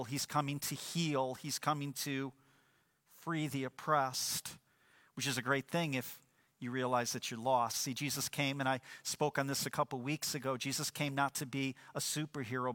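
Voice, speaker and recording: A man's voice: on the high side, sharp tone, long reverb tail. A man preaching a sermon as pastor, emphatic, with repeated phrases and rhetorical questions.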